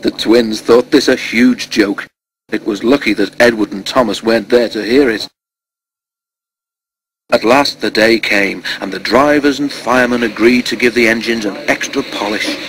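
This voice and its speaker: A man narrating a children's storybook in an even, gentle storytelling manner. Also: mid-range voice, normal speed, a little hiss or hum, poor audio. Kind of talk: storybook reading.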